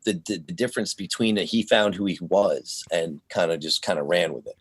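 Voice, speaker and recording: A man who works in voiceover, chatting as a guest over a remote call, animated, swearing now and then, and slipping into voices. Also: low-pitched, brisk, slightly rough. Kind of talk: casual chat. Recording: unstable video call audio.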